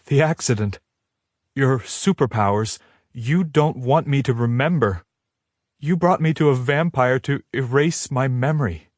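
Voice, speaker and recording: Audiobook heroine: young woman, high-strung and pleading, read by a man. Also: lively intonation, unhurried, no echo, studio quality, close to an everyday voice. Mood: distraught.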